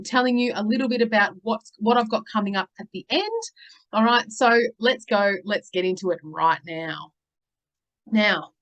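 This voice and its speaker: A woman's voice: on the high side, rough recording. A middle-aged woman, coaching parents and giving advice to the camera. She sounds earnest and reassuring and keeps checking in with "okay" and "all right.". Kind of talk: talking to camera, advice video.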